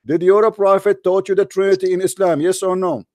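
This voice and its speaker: A man's voice: high-pitched, fairly even intonation, fairly quick, darkish tone, dry recording, studio quality. A man hosting a heated online debate, mocking and combative, often talking over his opponent. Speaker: debate host.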